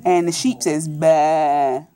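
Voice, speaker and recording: A woman's voice: a little high, big pitch swings, a little slow, a little mellow. A mother reading a picture book aloud to her toddler at home, playfully coaxing and imitating animal sounds.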